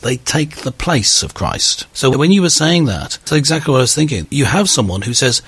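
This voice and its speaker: A man hosting an audio discussion, talking in an earnest, animated conversational way. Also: mid-range voice, normal speed, few pauses, husky, dry recording. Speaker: podcast host.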